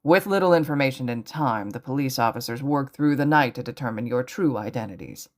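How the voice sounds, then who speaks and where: A woman narrates a fan fiction story aloud in an audiobook style. Her low voice keeps a steady, even pace. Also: brisk. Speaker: podfic reader.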